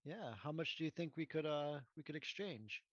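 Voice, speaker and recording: A man in a tabletop game, talking in an easygoing, casual way at a middle pitch. His mic sounds dry and a bit muffled. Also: expressive, normal speed, dry recording. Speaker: player. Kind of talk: tabletop role-play.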